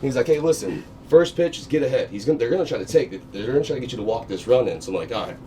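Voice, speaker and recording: Guy getting all worked up telling his story, loud at the punchlines, far off the mic. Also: mid-range voice, very fast. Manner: animated, swears, gets loud and laughs at the punchlines. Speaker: guest, pitcher. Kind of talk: casual storytelling chat. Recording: far from mic with faint noise.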